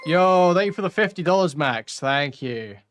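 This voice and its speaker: A man's voice: sits high, animated, moderate pace, over music. A man reacting casually on a livestream, offhand and laid-back. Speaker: commentary streamer.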